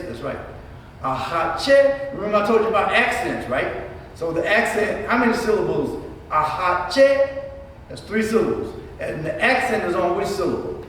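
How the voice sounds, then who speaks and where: A man teaches a children's music lesson, firing questions and spelling words out slowly. His voice sits a little high. It sounds far from the mic in a big echoey hall with a long tail. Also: fairly bright tone, slight background noise. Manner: questions and call-and-response.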